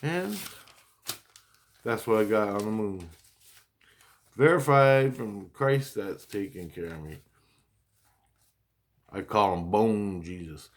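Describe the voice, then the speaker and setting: Slow, low-voiced man rambling through a story. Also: animated. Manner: rambling, repeats himself, mild swearing. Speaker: vlogger recounting spiritual experiences. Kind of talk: casual storytelling monologue.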